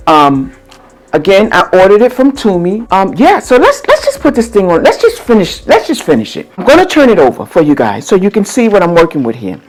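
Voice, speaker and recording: A woman hosting a casual crafting how-to vlog, chatty and upbeat, talking straight to her viewers. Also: fairly low pitch. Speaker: crafting vlogger.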